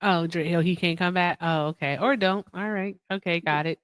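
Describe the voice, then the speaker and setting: A lively, blunt woman hosting a live stream. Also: fairly low pitch, moderate pace, clean tone, dry recording. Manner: lively, blunt, laughs often, urges viewers on. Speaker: livestream host. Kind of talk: casual live-stream chat and debate.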